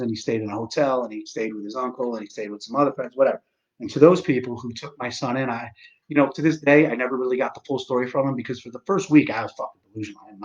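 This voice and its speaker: A man in his forties talks casually on a live stream, rambling and swearing as he jumps back into his sentences. His voice sits at an ordinary middle pitch. The audio is dull and lo-fi. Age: 40s. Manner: rambling and profane, with restarts and self-deprecating asides.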